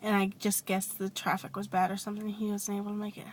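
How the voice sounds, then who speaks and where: A woman telling a personal story in a confessional vlog, hesitant and rambling with many restarts, sometimes dropping to a soft whisper. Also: mid-range voice, monotone, fast, slight background noise. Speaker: vlogger.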